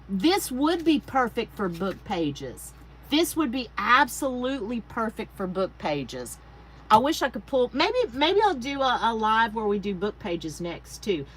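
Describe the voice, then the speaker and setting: A woman's voice: a little high, fairly bright tone, breathy edge, rough recording. A woman hosting a casual craft livestream, chatting and thanking viewers by name with rambling asides. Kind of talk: casual live-stream chat. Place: home craft space.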